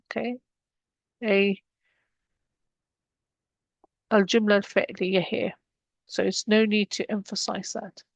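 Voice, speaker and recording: A woman's voice: medium pitch, little pitch movement, takes it slowly, creaky, long pauses, no echo, lo-fi sound. A woman teaching an Arabic grammar lesson, explaining each rule step by step and mixing English with Arabic terms.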